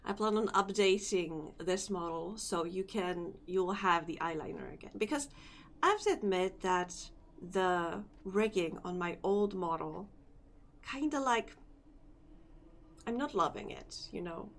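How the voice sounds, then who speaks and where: Slow-talking sleepy woman streamer. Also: on the low side, animated, slight background noise. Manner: rambling, repeats phrases, talks to chat. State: sleepy, yawning. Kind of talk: casual live-stream chat.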